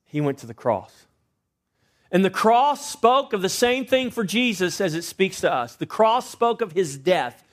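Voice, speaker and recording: A pastor preaching a sermon, swinging between loud emphasis and hushed asides and asking rhetorical questions. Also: male voice, high voice, big pitch swings, unhurried. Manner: asks the congregation rhetorical questions.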